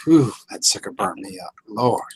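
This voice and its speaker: A man's voice: lowish voice, expressive, normal speed, rough recording. A man, hosting a folksy, easygoing casual chat. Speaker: host.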